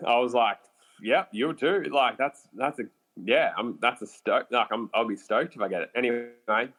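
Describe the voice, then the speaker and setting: A man with an Australian accent, a podcast guest telling a bowhunting story in a lively, casual way, swearing freely and using lots of fillers. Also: medium pitch, normal speed.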